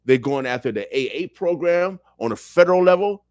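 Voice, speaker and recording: A man's voice: on the high side, expressive, fairly quick, few pauses, a little mellow, dry recording. A man speaking as a radio show guest, talking politics in a fiery, preacher-like way and repeating phrases for emphasis. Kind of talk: impassioned political talk. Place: radio studio.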